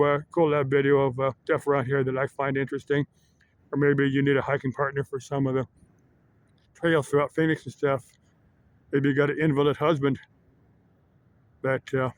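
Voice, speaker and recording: A man vlogging in a casual, rambling monologue that halts often on filler pauses. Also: mid-range voice. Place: Arizona.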